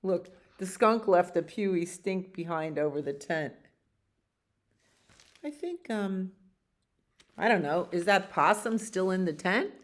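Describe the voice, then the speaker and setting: A woman librarian reading a picture book aloud to children, gently and chattily, pausing to explain the pictures. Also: fairly low pitch, lively intonation.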